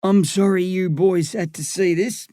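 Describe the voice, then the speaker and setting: A wheezing, drunken father on a gurney, put on by a male reader, gasping between words with a rough tenderness. His voice sits a little high and close, recorded dry with no room around it. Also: steady tone, measured pace, warm tone, no echo. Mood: tender.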